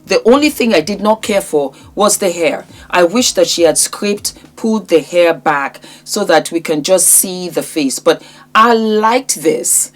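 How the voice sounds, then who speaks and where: A woman's voice: fairly low pitch, lively intonation, unhurried. A woman vlogger casually reviewing red-carpet fashion, effusive and repeating her praise, talking straight to the celebrities as "darling.".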